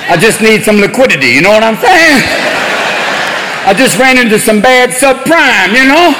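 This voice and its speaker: A man on stage playing a desperate banker who begs like a relapsed junkie, pleading and shouting over a loud crowd. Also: extremely high pitch, very animated, normal speed, background noise. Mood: wheedling. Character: strung-out male banker begging for bailout cash. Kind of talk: stand-up impression. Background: loud live audience.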